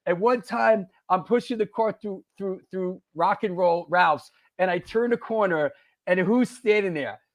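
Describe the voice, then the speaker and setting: A man on a live chat show telling a story in a casual, excited way, often laughing and calling people bro and dude. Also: high-pitched, unhurried.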